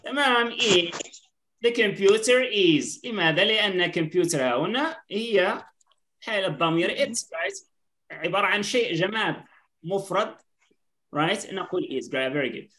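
Bright-voiced woman teaching online. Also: medium pitch, lively intonation, quick pace. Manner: mixes English and Arabic, asks "right?" constantly. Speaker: English teacher.

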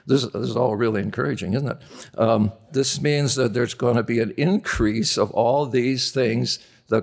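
A male pastor preaching a sermon at a convention, emphatic and repeating key words for stress. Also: fairly low pitch. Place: convention hall.

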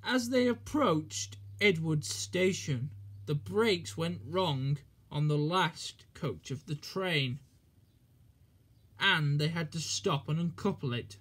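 Man reading a kids story, slow and gentle, a bit higher voice. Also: expressive, husky. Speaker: narrator. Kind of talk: storybook narration.

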